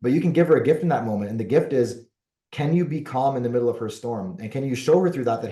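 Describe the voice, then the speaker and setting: A man's voice: medium pitch, expressive, quick pace, dark tone, echoey room. A middle-aged man, a podcast guest, earnestly explaining relationship advice and often checking in with "right?". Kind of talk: conversational advice monologue.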